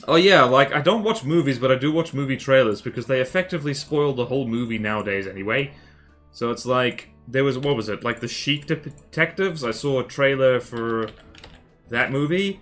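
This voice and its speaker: A man's voice: mid-range voice, big pitch swings, moderate pace, fairly bright tone, faint music behind. A young adult man casually chatting while drawing on a livestream, playful, jokey and rambling.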